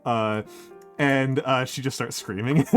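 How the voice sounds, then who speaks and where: A man chatting casually on his stream, rambling through his stories with plenty of fillers and restarts. He laughs often, and faint music plays behind him. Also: mid-range voice. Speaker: streamer host. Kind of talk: casual chat while painting.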